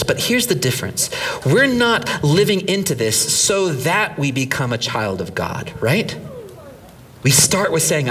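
A middle-aged man, a pastor, preaching a sermon in an animated, conversational way, asking the congregation questions. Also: a little high, a little slow, recorded from a distance, a little hiss or hum.

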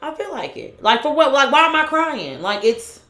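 A woman's voice: high voice, sing-song, moderate pace, a bit bright, reverberant. A woman co-hosting a casual chat podcast, talking emphatically and repeating her points. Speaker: podcast co-host. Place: room with window open.

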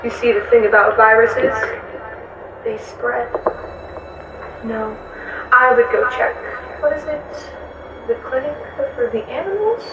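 A woman voicing a rogue AI virus that speaks over loudspeakers in a mocking, menacing way. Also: a little high, measured pace, pauses often, background noise, close to an everyday voice. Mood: menacing taunt. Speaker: game master. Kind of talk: tabletop role-play narration. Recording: echoey, distant, music behind.

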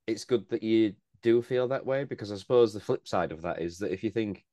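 A man's voice: lowish voice, a little fast, dark tone, no room sound, studio quality. A man co-hosting a casual beer podcast, reflective and talking in long winding sentences, drawing the others in with questions. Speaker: podcast co-host. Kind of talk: casual chat.

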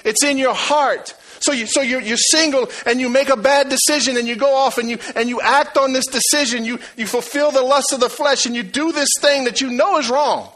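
A man delivers a sermon in a high, bright voice. He repeats his words for emphasis and swings from loud urging to hushed asides. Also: fairly quick, few pauses, rough recording. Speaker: preacher.

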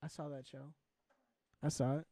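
Young man, casual podcast chat, lively storytelling, slightly high voice, dry sound. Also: moderate pace, no room sound. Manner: animated storytelling, acts out quoted people. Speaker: podcast co-host.

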